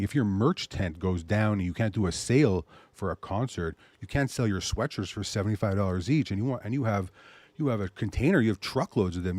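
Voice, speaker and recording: A man hosting a show, pitching his service in a loose, animated way and muttering asides to himself. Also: dry recording. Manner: animated salesy pitch, mutters asides while browsing pictures. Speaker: host. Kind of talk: casual promotional talk.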